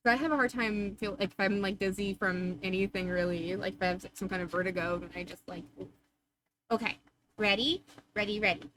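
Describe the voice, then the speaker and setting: A woman's voice: medium pitch, steady tone, brisk, poor audio. A woman hosting a casual livestream, chatting in a bubbly, affectionate way with her viewers from her home streaming room. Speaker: livestream host.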